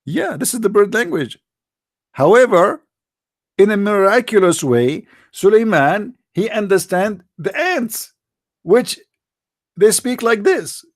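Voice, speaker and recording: An actor playing a boastful, rambling mock preacher with an Arabic accent, in a satirical livestream monologue. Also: male voice, sits high, sing-song, takes it slowly, a little hiss or hum, full character voice. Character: mock-pompous self-styled male preacher, middle-aged.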